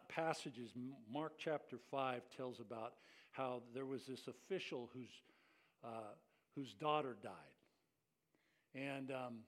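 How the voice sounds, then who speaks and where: A male pastor preaching a sermon, acting out the lines he quotes, often restarting words. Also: mid-range voice.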